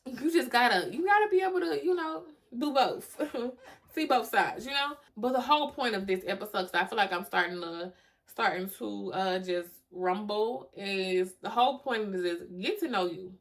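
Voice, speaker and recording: A woman's voice: medium pitch, moderate pace. A young adult woman hosting a solo podcast, talking emphatically and with feeling, repeating lines for effect and cursing casually. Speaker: podcast host. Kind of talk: solo motivational podcast talk.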